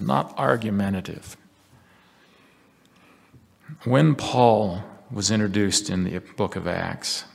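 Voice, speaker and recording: A deep-voiced man with a gravelly, husky tone gives a slow, earnest devotional talk. His voice rings with the long reverb of a large hall. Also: a bit bright. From United States. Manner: reflective, earnest storytelling with scripture readings. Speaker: religious speaker.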